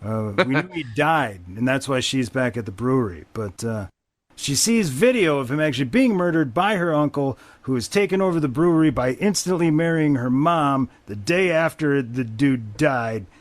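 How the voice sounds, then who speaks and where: A man's voice: mid-range voice, lively intonation, normal speed, no echo. A man hosting a podcast, casually recapping a movie plot in a wry, rambling way with frequent swearing. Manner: profane, wry, rambling with fillers. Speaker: podcast host.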